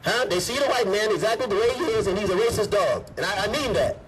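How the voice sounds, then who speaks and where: Man giving a fiery rally speech, really high voice, mic far off, bit of noise behind. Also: expressive, fast, fairly bright tone. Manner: emphatic, repeats his points. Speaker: minister. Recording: distant mic with faint background noise.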